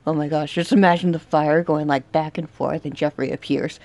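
A young woman commenting on a horror game she is playing, dramatic, shouting and taunting the villain as she goes. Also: sits low, steady tone, moderate pace, slight background noise. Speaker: gaming youtuber. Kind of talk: excited let's-play commentary.

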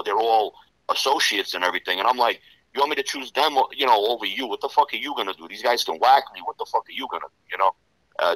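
A man telling rough stories in a casual interview, profane and rambling, full of "you know". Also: on the low side, pushed and bright, no echo, rough recording. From Serbian Romanian background. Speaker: interview guest.

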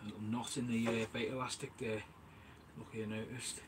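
A man's voice: mid-range voice, flat delivery, a little fast, noisy background. A man streaming live from his bait shack, chatting casually, calling viewers mate and answering the live chat as he works. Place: small bait and tackle shack, indoors.

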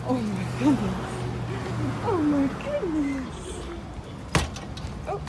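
A young woman coaxing her dog in a high, sing-song voice, repeating short commands. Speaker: dog owner. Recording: music playing behind.

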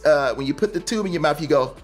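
A man with a fairly high voice walks through his instrument in loose, excited chat. He drops slang as he goes. Faint music sits underneath. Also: quick pace. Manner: enthusiastic, relaxed slang. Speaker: talk box player, guest. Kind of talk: casual explanation with demonstration.

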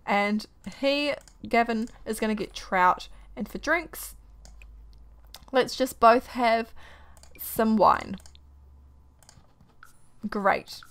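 A young woman giving casual let's-play commentary, exasperated and ranting, often breaking into quick laughs. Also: on the high side, lively intonation, fairly bright tone. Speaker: gaming YouTuber.

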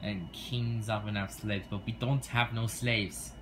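A man's voice: fairly low pitch, steady tone, unhurried, slight background noise, pitched below the performer's own voice, natural voice. A man voicing a mopey young prince who complains to his father, in a homemade toy skit.

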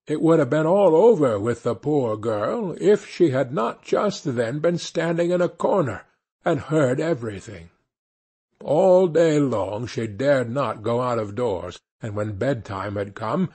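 A man reads a fairy tale aloud at an unhurried pace, his voice husky and breathy. His pitch rises and falls widely as he leans into the story's turns. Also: animated, a little mellow. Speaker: audiobook narrator. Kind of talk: scripted fairy tale narration.

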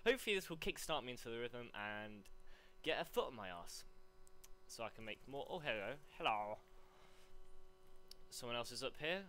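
Excitable young gaming commentator. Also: male voice, mid-range voice, moderate pace, pauses often, a little hiss or hum. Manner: excitable, rambling, bursts into yelps. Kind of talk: live gameplay commentary.

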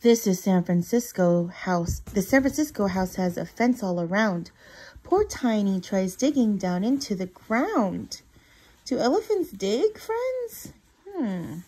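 A woman teacher reading a picture book aloud to children, expressive and asking the listeners questions. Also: medium pitch, slow pace, husky. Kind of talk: read-aloud storytelling for children.

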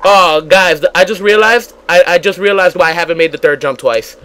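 A gaming host with a fairly high voice, talking casually over gameplay. He jokes, exclaims and bickers with his friends as they play together. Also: brisk, sharp tone, low-quality recording. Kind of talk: casual let's-play chat.

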